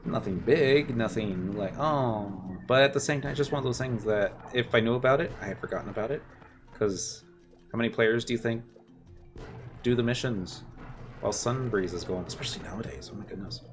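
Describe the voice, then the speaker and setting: A man's voice: medium pitch, a little fast. A man streaming a game, talking casually through it in rambling, muttered asides. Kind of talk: casual gameplay commentary. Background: faint game music.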